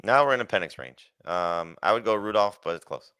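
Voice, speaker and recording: A man giving measured, matter-of-fact takes on a casual podcast panel. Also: fairly low pitch, animated, pushed and bright, smooth, dry recording, studio quality. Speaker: panel analyst.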